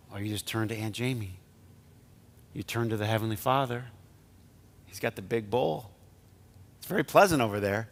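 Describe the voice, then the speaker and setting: A male pastor giving a conversational sermon, now and then dropping to soft, near-whispered lines. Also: lowish voice, gravelly, slight background noise.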